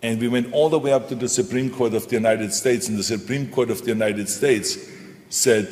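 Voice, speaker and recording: A man's voice: mid-range voice, fairly even intonation, fairly quick, darkish tone. A man speaking on a panel in an emphatic, repetitive, motivational way. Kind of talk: stage panel talk. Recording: reverberant hall.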